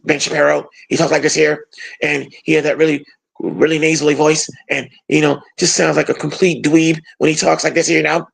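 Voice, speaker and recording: Brief: nasal, dweeby male pundit, deep and gravelly, mocked by a commentator. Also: little pitch movement, a little fast, rough recording. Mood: mocking. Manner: mocking, whiny impression.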